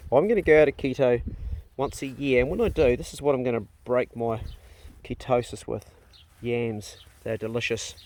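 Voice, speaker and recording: Kiwi farmer guy chatting on his phone, relaxed, swears a bit, talks to his dogs. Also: medium pitch. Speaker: farmer vlogger. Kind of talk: casual walk-and-talk vlog. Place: farm garden and dog kennels, outdoors. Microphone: phone held while walking.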